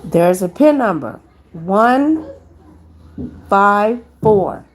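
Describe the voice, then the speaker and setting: A woman hosting a casual live stream, chatting with her viewers as "y'all" and reading numbers out slowly. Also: mid-range voice, lively intonation.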